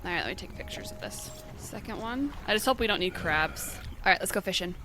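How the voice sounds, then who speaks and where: A young woman chatting casually through a video game, thinking aloud, reacting with quick startled remarks, and reading the game's text aloud. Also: mid-range voice, expressive, noisy background. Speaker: gaming channel host.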